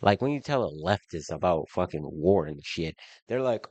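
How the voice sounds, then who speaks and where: A man from Baltimore giving heated, profane reaction commentary, incredulous and quick to laugh, in his basement on a faulty home mic. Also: sits low, lively intonation, a little mellow, no room sound. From Baltimore, USA. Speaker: reaction video host.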